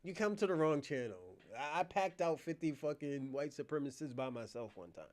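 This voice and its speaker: A man's voice: a little high, sing-song, normal speed, a little mellow. A man hosting his own channel, ranting at his chat in a profane, combative, mocking way. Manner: mocking, laughs between jabs. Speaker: channel host. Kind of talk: livestream rant.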